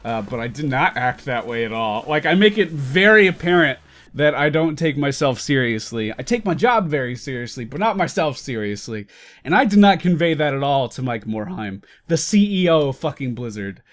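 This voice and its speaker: A man's voice: mid-range voice, big pitch swings, normal speed, a bit bright. A man telling a story in a casual vlog, wry and self-mocking, who swears freely. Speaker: YouTuber.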